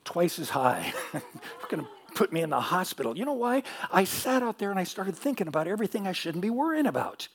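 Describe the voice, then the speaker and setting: A man's voice: high voice, very animated, brisk, slightly rough. A middle-aged man pastor preaching a sermon, telling stories and asking the audience questions, with repeated phrases.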